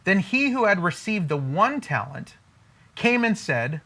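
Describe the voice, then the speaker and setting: A man's voice: sits high, very animated, a little slow, sharp tone. A man teaching scripture and money in an emphatic preaching style, repeating himself for emphasis and acting out imagined believers. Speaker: faith-based money teacher.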